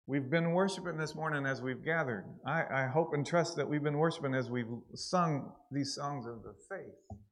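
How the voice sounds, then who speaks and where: A man preaching a sermon in church, earnest and repeating words for emphasis, swinging between soft and loud passages. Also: medium pitch. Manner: earnest, repeats words, rises and falls in loudness.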